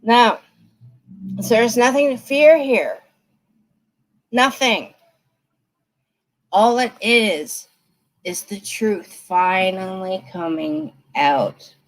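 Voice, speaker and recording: A woman's voice: mid-range voice, lively intonation, drawn-out words, pauses often, rough recording. A woman giving tarot readings on a live stream, chatting straight to her viewers and laughing often. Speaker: tarot reader.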